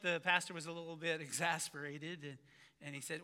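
A man preaching a conversational sermon as a pastor, halting and restarting his phrases. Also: on the high side, pushed and bright, long reverb tail.

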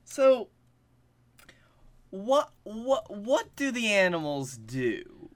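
A man's voice: high voice, sing-song, very slow. A man co-hosting a comedy podcast in casual banter, reacting wryly to his co-host.

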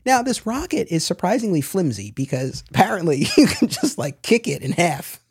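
A man hosting a podcast in a casual discussion. He talks in an animated way and often restarts and corrects himself mid-sentence. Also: sits high, moderate pace, breathy edge, no room sound, studio quality. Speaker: podcast host.

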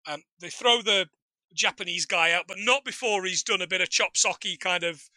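A man's voice: sits high, moderate pace, bright, forceful tone, dry recording. A man co-hosting a podcast, recapping a film in casual, joking chat and swearing freely. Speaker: podcast co-host.

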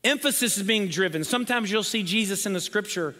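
Pastor, male, bright forceful delivery, slightly high voice, long church reverb. Emphatic sermon style. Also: a little fast. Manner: emphatic, repeats for emphasis, drops to near whisper.

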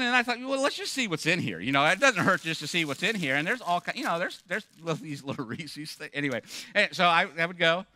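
A man preaching as a pastor, telling stories in an animated, self-mocking way with many restarts. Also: sits high, dry recording. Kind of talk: sermon.

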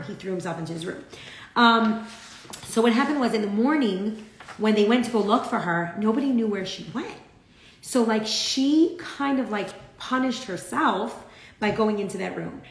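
A woman's voice: medium pitch, moderate pace, echoey room. A woman giving a casual Torah class, talking in a chatty way with many "like" fillers. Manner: chatty, frequent "like" fillers, acts out quotes. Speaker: Torah teacher.

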